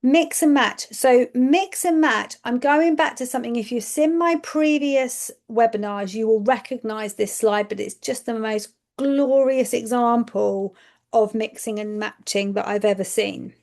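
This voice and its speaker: Woman explaining with a raised pitch. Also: measured pace, vocal fry, darkish tone. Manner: explanatory, checks in with listeners, repeats for emphasis. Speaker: speech and language therapist. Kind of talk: webinar presentation for educators.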